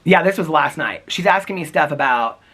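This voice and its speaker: A man vlogging on his front porch, telling a rambling story in a chatty, casual way with quick asides. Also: a little high, animated, a bit bright.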